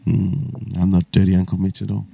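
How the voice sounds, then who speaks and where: A man's voice: low-pitched, monotone, moderate pace, creaky, dark tone, husky, no room sound. A man co-hosting a podcast in casual, joking chat; his voice sounds nasal and he is losing it. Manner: joking, teasing. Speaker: podcast co-host.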